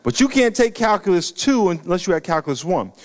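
A middle-aged man, preaching an animated sermon that breaks into loud emphatic bursts. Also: sits high, brisk. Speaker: pastor.

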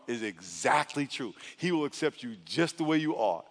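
A male pastor preaching an animated sermon in a church, calling on the congregation to answer back. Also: medium pitch, fairly quick. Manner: animated, calls for congregation responses. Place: church sanctuary. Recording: long hall reverb.

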